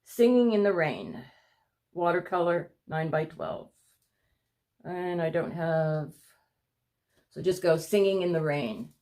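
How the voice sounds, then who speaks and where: A woman talks to her viewers in a low-pitched voice, pausing as she runs short of breath. Her chat rambles and she apologizes often, in an easy home-video way. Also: expressive, darkish tone. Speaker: vlogger showing her paintings. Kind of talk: casual chat to camera.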